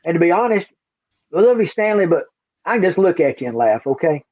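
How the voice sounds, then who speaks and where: A man's voice: a little high, sing-song, fairly quick, no room sound. An older man hosting a livestream, chatting in a rambling, folksy way. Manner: rambling, folksy, repeats himself. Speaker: livestream host. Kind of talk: casual chat. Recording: dry, tinny phone-like line.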